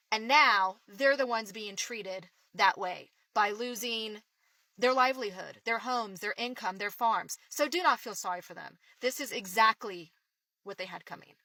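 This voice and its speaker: A woman's voice: fairly high pitch, expressive, measured pace, sharp tone, no echo. A middle-aged woman from Oklahoma, a builder, ranting bluntly with profanity about politics. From Oklahoma, United States. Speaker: builder sharing opinions. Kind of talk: casual opinion rant to camera.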